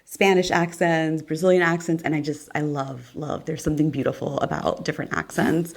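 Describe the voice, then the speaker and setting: A woman with a Californian accent, co-hosting a podcast in casual chat, relaxed and full of "um" and "like.". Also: low voice, fairly quick, vocal fry. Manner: relaxed, fond of "like" and "um". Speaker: podcast co-host.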